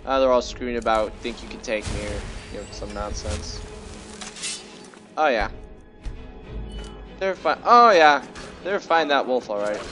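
A man's voice: mid-range voice, unhurried, long pauses. A man giving casual, jokey commentary while playing a game, slipping into silly voices. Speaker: gameplay commentator. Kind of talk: casual let's-play commentary. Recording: game music playing behind.

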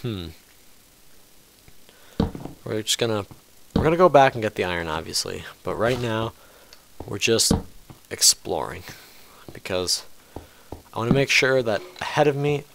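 A man giving casual commentary over a game he is playing, jumpy and quick to swear and scold the game aloud. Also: fairly low pitch, expressive, vocal fry, noisy background. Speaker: let's play host.

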